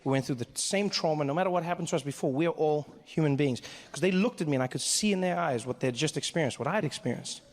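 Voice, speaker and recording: A man doing a stand-up comedy set, telling an animated story and jumping into character voices. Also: a little high, fast, hardly any pauses.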